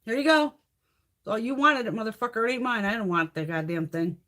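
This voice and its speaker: A woman's voice: on the high side, animated, fast talker, a bit bright. A woman hosting a live beauty stream, chatting with viewers in a blunt, profane, ranting way and laughing often. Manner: laughs often while talking. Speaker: beauty livestream host.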